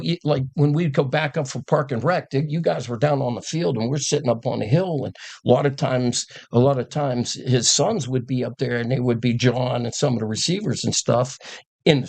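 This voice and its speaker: An older man, a former coach, telling animated stories in a casual podcast chat and acting out the quotes. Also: medium pitch, vocal fry. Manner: animated storyteller who acts out quotes and laughs.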